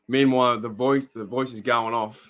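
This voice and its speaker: A young Australian man with a mid-range voice and noticeable vocal fry streams casually, reacting to a game. He talks loosely and at length with viewers, reading their chat comments aloud.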